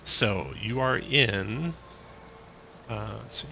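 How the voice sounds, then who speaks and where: A man narrating as game master, calmly describing the scene and prompting players. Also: lowish voice, a little hiss or hum. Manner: relaxed, measured narration.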